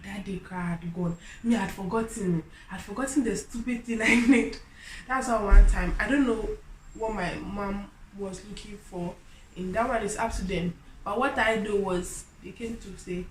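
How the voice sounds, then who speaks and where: A young woman, telling stories in a chatty, animated, giggly way as a vlogger. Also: mid-range voice, normal speed, slight background noise. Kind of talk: casual storytelling. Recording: echoey room, mic at a distance.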